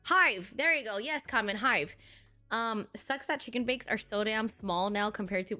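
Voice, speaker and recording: A woman streamer chatting casually to her viewers, excitable and swearing freely. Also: fairly high pitch, normal speed, soft background music. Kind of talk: casual live-stream chat.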